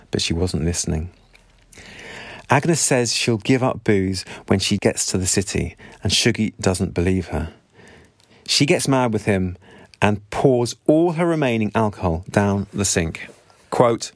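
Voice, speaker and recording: A man's voice: fairly low pitch, moderate pace, dry recording. A man summarizing a novel chapter by chapter, with earnest, sympathetic asides. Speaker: book reviewer. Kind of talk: book summary talk.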